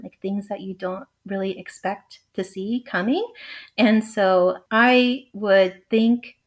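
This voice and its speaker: A woman astrologer explaining a chart in casual chat, talking loosely with constant "like" fillers and quick giggles. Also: mid-range voice. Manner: chatty, heavy use of "like", giggly. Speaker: astrologer guest.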